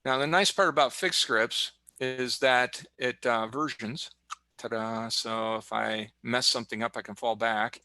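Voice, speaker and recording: A man's voice: mid-range voice, creaky, pushed and bright, no room sound. A man giving a casual screen-share tutorial as guest expert on a video call, chatty and joking as he clicks through steps. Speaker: guest expert demonstrating software.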